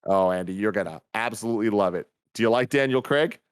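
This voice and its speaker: A man's voice: lowish voice, fast, clear, resonant tone, dry recording, studio quality. An enthusiastic man hosting a casual film review podcast, reading listener reviews aloud with his co-hosts. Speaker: podcast host. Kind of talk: casual movie review chat.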